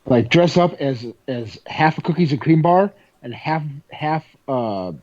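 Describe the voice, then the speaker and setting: Laid-back, joking male podcast host with a slightly high voice; dull, lo-fi recording. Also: animated, measured pace, a little mellow. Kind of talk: casual chat. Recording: dull lo-fi sound.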